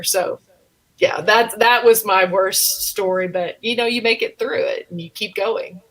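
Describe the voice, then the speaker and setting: A woman comedian, telling stories in an interview with lively laughter. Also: on the high side, normal speed, poor audio. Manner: animated, laughing while she tells stories. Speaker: comedian, guest. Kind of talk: interview storytelling.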